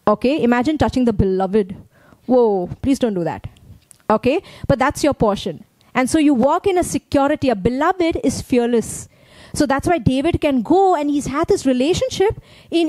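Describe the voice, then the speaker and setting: A woman's voice: high voice, a little mellow, no echo, low-quality recording. A woman pastor from India, preaching a sermon in a conversational way and often checking in with her listeners.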